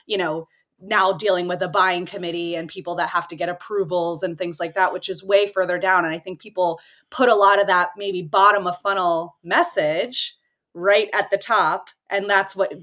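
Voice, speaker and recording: A woman's voice: fairly low pitch, fairly even intonation, moderate pace, a bit bright. A woman hosting a podcast, conversational and thoughtful as she builds on her guest's points. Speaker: podcast host.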